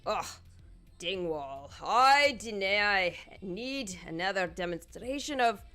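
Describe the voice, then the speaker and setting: A woman's voice: mid-range voice, expressive, takes it slowly, pushed and bright, soft background music. A woman voicing a prim, grumpy old Scottish lord in a put-on Scottish accent. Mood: scornful. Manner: reading game dialogue aloud, scornful.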